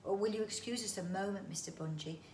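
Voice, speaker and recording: A woman's voice: medium pitch, fast talker, a little mellow, a little hiss or hum, lightly acted. A woman reading a worried young boy. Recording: roomy echo.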